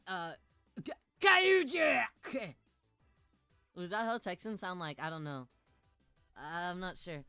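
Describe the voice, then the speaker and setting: A woman's voice: lowish voice, expressive, moderate pace, fairly bright tone, clean tone, no echo, clean studio sound, soft background music. A young woman streaming a game, reading its narration aloud between playful, giggly jokes.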